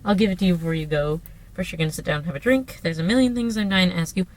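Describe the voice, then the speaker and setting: A woman reading a smooth-talking male film producer's cue lines in a lower, quicker voice during a rehearsal in her car. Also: darkish tone, close to an everyday voice. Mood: eager. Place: front seat of a car.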